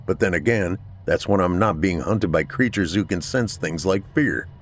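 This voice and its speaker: A man voicing a gruff soldier sergeant. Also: low-pitched, moderate pace, slight background noise, natural voice. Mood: calm. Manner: gruff, commanding, then bellowing in rage. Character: hardened male airman sergeant, blunt and brave.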